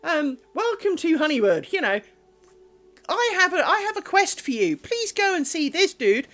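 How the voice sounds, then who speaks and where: A woman's voice: very high voice, big pitch swings, normal speed, faint music behind, pitched above the performer's own voice, full character voice. A woman voicing an eager fantasy video game quest giver who greets an adventurer. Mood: eager welcome. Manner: bright, eager, welcoming.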